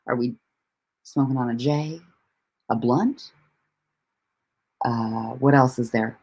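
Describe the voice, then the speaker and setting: Her voice is extremely low, slow, a little mellow, and slightly rough. She's a woman hosting a laid-back livestream chat from home, frequently laughing, cursing freely, and rambling with false starts as she welcomes and responds to viewers.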